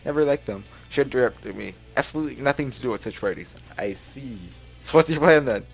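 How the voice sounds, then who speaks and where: A man's voice: mid-range voice, animated, brisk, gravelly, slightly rough. A man hosting a let's play, reading visual novel text aloud with casual joking asides and frequent stumbles. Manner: chatty, laughs often, stumbles over words. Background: game music playing.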